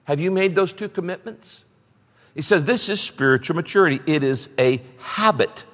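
A middle-aged male pastor preaches with a lively, swooping delivery and a bright, forceful tone. He hammers points home by repeating them. The sound carries a long hall reverb. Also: on the high side, normal speed. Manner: animated preaching with emphatic repetition. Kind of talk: sermon.

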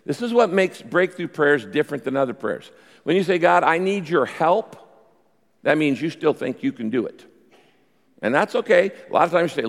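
A man preaching a sermon with a somewhat high, very lively voice that jumps up in pitch and volume for emphasis. His tone has a gravelly edge, and a long hall reverb trails behind every phrase. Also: moderate pace. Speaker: pastor.

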